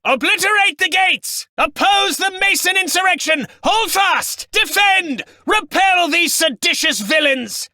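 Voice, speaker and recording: A shrill pompous noble. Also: male voice, no room sound, exaggerated voice. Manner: pompous, fussy, high-pitched shouting. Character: snobby greedy male noble, self-absorbed and haughty. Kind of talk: video game voice lines. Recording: dry studio.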